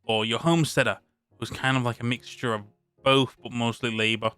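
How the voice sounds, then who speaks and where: This is a British streamer doing a live read-through of a tabletop rulebook, restarting words and chatting between sections. He has a bright, crisp, mid-range voice with a steady tone and speaks a little fast. The mic is close and dry, and faint music runs beneath him.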